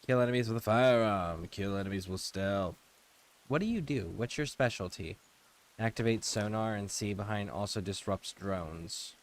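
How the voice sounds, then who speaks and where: A man with a fairly low voice talks casually over a game stream. He reads out menu options and drifts into loose, profane tangents. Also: normal speed. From United States. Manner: loose, profane, chatty asides while browsing menus. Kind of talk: casual gameplay commentary.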